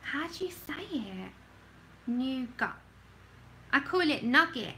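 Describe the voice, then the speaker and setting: A woman's voice: high voice, big pitch swings, moderate pace, sharp tone, a little hiss or hum, rough recording. A woman chatting casually as she hosts a livestream, talking to herself while she works and often laughing at herself. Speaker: livestream host swatching colour pencils.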